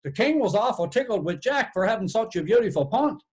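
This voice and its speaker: A man's voice: high voice, very animated, brisk. A man with a Newfoundland accent telling a folk tale aloud, folksy and rhythmic, with many repeated tags. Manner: folksy, rhythmic, repeats "she said" and "sure enough". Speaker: storyteller.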